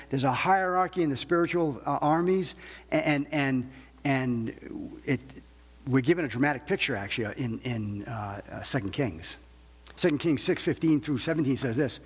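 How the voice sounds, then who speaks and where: A pastor delivers a casual, conversational sermon, pressing his listeners with rhetorical questions and tripping over repeated restarts. His mid-pitched voice is a little husky. A long reverb hangs after each phrase.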